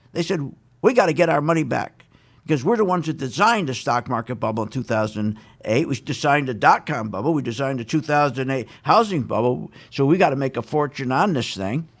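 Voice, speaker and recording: A man's voice: on the high side, lively intonation, a little fast. A man hosting a live radio show about investing, ranting with emphatic repetition and a sarcastic, mocking edge.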